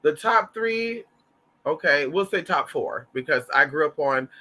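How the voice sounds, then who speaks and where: Campy, bright-voiced man chatting on a livestream. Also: a little high, measured pace. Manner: animated, campy, profane, calls listeners y'all and honey. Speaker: livestream host reading chat. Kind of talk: casual livestream chat and storytelling.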